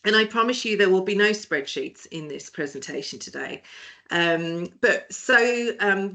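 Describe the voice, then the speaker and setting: A woman's voice: mid-range voice, bright, forceful tone. A woman from Britain hosting a webinar as director of a small firm, chatty and jokey with many hesitations, heard over a video call.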